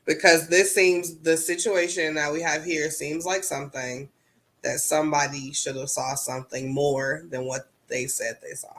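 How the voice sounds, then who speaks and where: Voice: medium pitch, level tone, moderate pace, fairly bright tone. A podcast co-host talking in an informal, chatty way with lots of fillers. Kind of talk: casual chat.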